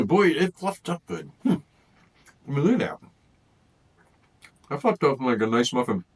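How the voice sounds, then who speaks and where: Chatty man rambling through a taste test. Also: medium pitch. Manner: rambling, thinks aloud between bites. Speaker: food reviewer. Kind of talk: casual taste-test vlog.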